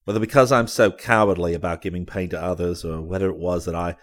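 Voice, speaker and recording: A man narrating a first-person story in a measured, dramatic reading. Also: low-pitched, fairly even intonation. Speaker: audiobook narrator.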